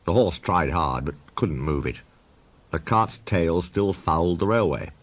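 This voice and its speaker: Lively low-voiced male storyteller. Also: unhurried. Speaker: narrator. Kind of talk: storybook reading. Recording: steady background noise.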